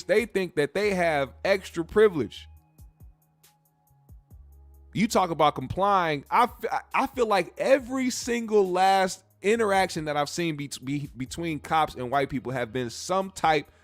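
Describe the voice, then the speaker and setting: Blunt, profane, high-voiced male podcast host. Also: animated, normal speed, no room sound, soft background music. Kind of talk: casual opinion rant.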